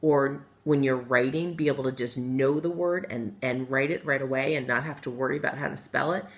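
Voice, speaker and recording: A middle-aged woman teaching a phonics lesson to young children, talking to them directly and patiently spelling words out letter by letter. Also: sits low. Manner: talks directly to children as guys.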